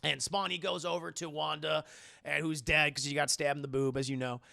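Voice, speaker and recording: A man's voice: fairly high pitch, little pitch movement, brisk, vocal fry, sharp tone. A man reviewing a film on stream, recapping its plot for his chat in a profane, jokey way and acting out the characters. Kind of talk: casual spoiler recap.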